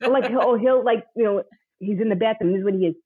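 A woman's voice: medium pitch, quick pace, narrow, tinny audio, noisy background. A woman in her forties, a romance novelist, telling stories in casual chat with lots of laughter and acted-out quotes. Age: 40s. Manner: animated storyteller, laughs often, acts out quotes.

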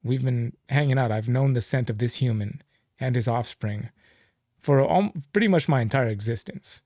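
A man's voice: medium pitch, moderate pace, a little mellow, dry recording, clean studio sound. A man talking as a guest on a podcast in a rambling, self-mocking way. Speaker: guest snake keeper. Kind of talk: casual podcast chat.

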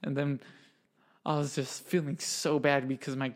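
A man's voice: mid-range voice, level tone, normal speed. A young man in casual chat, rambling through an anecdote with lots of "like" and "dude". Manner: rambling and self-conscious, full of "like" and "dude".

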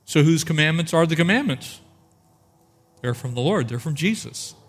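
A man preaching a sermon, reading verses aloud and asking rhetorical questions, slowing down to stress key phrases. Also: fairly high pitch, lively intonation. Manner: expository preaching, rhetorical questions, slows for emphasis. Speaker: pastor.

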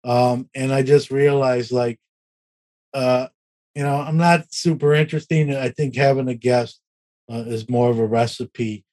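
A man's voice: mid-range voice, steady tone, measured pace, a little mellow. A middle-aged man casually telling a story as an interview guest, rambling and self-deprecating, acting out quoted exchanges. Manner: rambling, self-deprecating, with many restarts and fillers. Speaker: podcast host telling his story as a guest.

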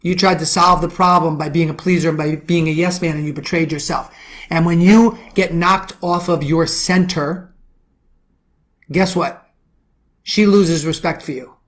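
A middle-aged man from the Bronx with a New York accent, hosting a podcast as a men's coach in a forceful motivational monologue full of rhetorical questions. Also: fairly even intonation, moderate pace. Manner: forceful preaching, rhetorical questions, drops to low intense tones.

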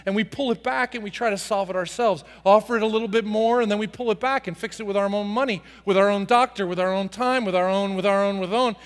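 A male pastor preaching a sermon in a dramatic style, acting out prayers and swinging from soft to booming. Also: steady tone, fast talker, few pauses, big-room sound. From United States.

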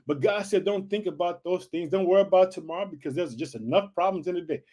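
Male podcast preacher, forties, high-pitched and fervent, repetitive exhortations. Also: quick pace, warm tone. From United States. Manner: fervent, repetitive calls of hallelujah and family.

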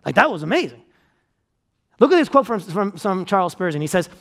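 Male pastor, high voice, energetic sermon delivery, emphatic restarts. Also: racing. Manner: energetic, repetitive preaching with restarts and emphatic repeats. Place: church auditorium.

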